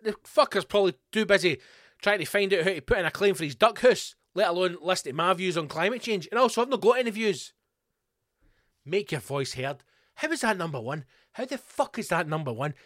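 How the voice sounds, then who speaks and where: A man's voice: high voice, lively intonation, fast, a bit bright, no room sound, studio quality. A middle-aged Scottish man hosting a podcast, delivering a profane, angry ranting monologue. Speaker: podcast host.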